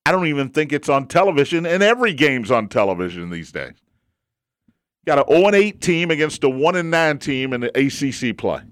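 A man's voice: a little high, big pitch swings, fairly quick, a bit bright, no room sound, clean studio sound. A man hosting a sports talk show, chatting in an opinionated way and repeating his points for emphasis. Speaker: sports radio host.

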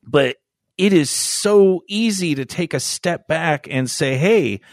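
A man's voice: fairly high pitch, lively intonation, slow pace, no echo, studio quality. Profane, rambling male podcast co-host. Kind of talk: casual crude podcast banter.

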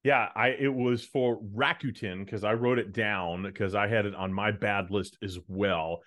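A man's voice: fairly low pitch, fairly even intonation, unhurried, fairly bright tone. A man co-hosting a podcast, chatting casually and giving jokey, opinionated takes. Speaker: podcast co-host.

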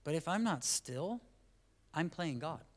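A male pastor delivering a church sermon in a fairly high voice. He talks casually and conversationally, then rises to loud, emphatic points before dropping back to quiet asides. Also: a little slow. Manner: animated, conversational preaching that swings from quiet to loud. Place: church service.

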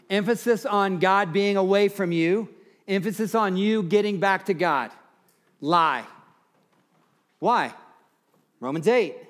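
A man preaching a sermon as pastor, building with passion and emphasis on key phrases. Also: high voice.

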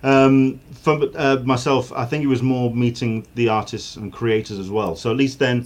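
Man, co-host, casual chat, hesitant, middle pitch. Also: fairly even intonation, moderate pace, a little mellow. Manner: hesitant, many fillers and restarts.

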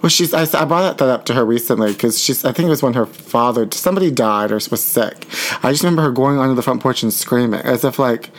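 A man's voice: mid-range voice, fast talker, few pauses. A man hosting a comedy podcast, chatting in a flamboyant, dramatic way and calling people honey. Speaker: podcast host. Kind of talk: casual comedic chat.

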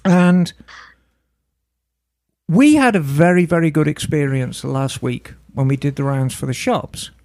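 A woman's voice: deep voice, unhurried, long pauses, warm tone, no echo. A woman who runs a motorcycle shop, co-hosting a podcast in frank, chatty talk and laughing easily. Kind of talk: casual podcast chat.

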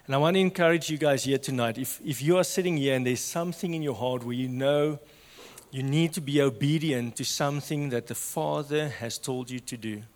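A man's voice: mid-range voice, a little fast. Impassioned man preaching in an echoey hall. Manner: impassioned, swings from loud to hushed. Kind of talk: sermon.

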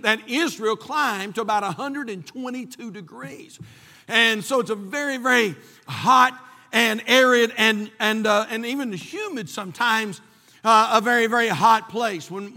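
A bright, high-pitched man preaching in a church. He tells a folksy story, restarting and repeating himself often. His voice rings out with a long hall reverb behind it. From North Carolina. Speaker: pastor. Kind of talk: sermon with a personal story.

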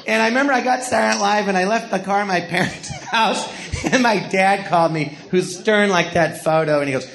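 Animated, laughing male storyteller. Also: sits high, fast, hardly any pauses. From Los Angeles area. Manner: animated, laughing storyteller who acts out quotes. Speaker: podcast host telling stories. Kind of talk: casual storytelling interview. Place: small live theater.

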